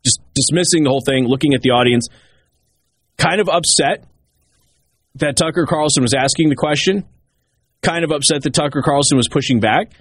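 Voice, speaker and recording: Husky-voiced man giving emphatic commentary. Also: on the high side, normal speed, pauses often, dry recording. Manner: emphatic, repeats key points. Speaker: talk show host. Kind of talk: political commentary.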